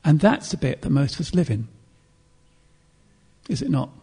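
Gravelly, husky man preaching. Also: on the high side, very animated, normal speed, dark tone. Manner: earnest, reflective, with throat-clearing and restarts. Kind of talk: sermon.

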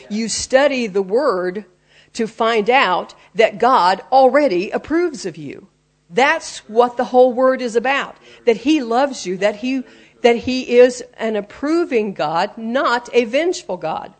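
A woman preaching a sermon, explaining the roots of words and quoting scripture in an earnest teaching tone. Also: fairly high pitch.

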